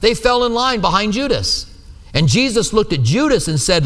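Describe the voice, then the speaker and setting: A man's voice: high-pitched, big pitch swings, fairly quick, a bit bright. A male pastor preaching a conversational sermon in a church, often asking his listeners for agreement. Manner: conversational, asks the room for agreement. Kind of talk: sermon teaching. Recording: long hall reverb.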